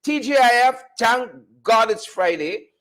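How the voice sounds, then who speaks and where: Man, middle-aged, high-voiced stream host, repetitive and playful. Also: expressive, unhurried, fairly bright tone. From Guyana. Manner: repetitive, playful catchphrases and chants. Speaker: livestream host. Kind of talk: energetic livestream hype talk.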